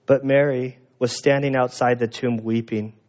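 A man preaching a sermon in a lively, animated way, acting out the voices of people in the story. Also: medium pitch, normal speed, dull audio. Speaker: pastor.

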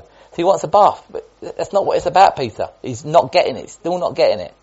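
A man's voice: mid-range voice, big pitch swings, a little fast, a little mellow, slightly rough, lo-fi sound. A man giving an informal Bible teaching in a chatty way, restating points and restarting often. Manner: chatty, repetitive, with many restarts and asides.

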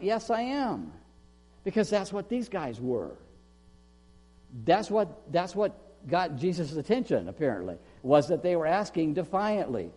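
A male pastor preaching a sermon, asking the congregation questions and loudly acting out the words of the people in his story. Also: high-pitched, measured pace, in a large hall. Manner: animated preaching, asks the audience questions, acts out quotes loudly.

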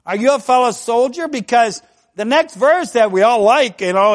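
A man's voice: very high voice, animated, moderate pace. An older man preaching a sermon as pastor, fervent, full of rhetorical questions and frequent amens.

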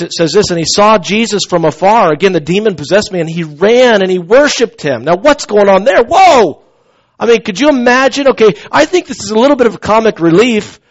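High-voiced male preacher, dull recording. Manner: conversational, animated storytelling with acted quotes. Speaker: pastor. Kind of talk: sermon.

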